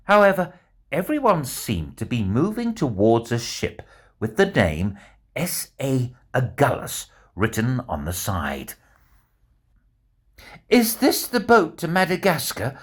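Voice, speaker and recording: In a lowish, husky voice at a measured pace, a man narrates a children's adventure story as a bear in the first person. His storytelling is animated and expressive.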